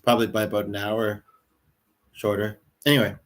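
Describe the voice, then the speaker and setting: A man's voice: on the low side, level tone, brisk. Chatty Canadian man in his thirties. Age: 30s. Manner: rambling, chatty, talks to viewers in chat. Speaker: livestream host. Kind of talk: casual livestream chat.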